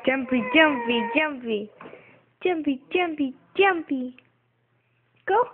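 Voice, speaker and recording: A woman talking baby talk to an infant, her high voice swooping up and down in a slow, coaxing sing-song. She laughs often. The sound is tinny and phone-like, with a faint hiss under it. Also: animated. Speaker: parent filming a baby.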